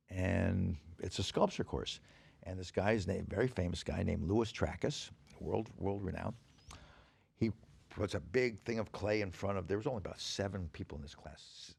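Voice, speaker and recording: A man guesting on a podcast, telling anecdotes in an animated, profane way and acting out the people in them. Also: low-pitched, normal speed, vocal fry, slightly rough. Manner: animated, profane storyteller who acts out quoted dialogue. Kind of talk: anecdotal storytelling. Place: podcast stage.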